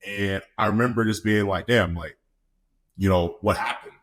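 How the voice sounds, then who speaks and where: A young man, a guest on a podcast, telling a story in a relaxed, chatty way, often laughing and acting out what people said. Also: on the low side, normal speed. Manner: laid-back, laughs often, acts out quotes. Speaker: podcast guest, football player. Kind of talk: casual storytelling.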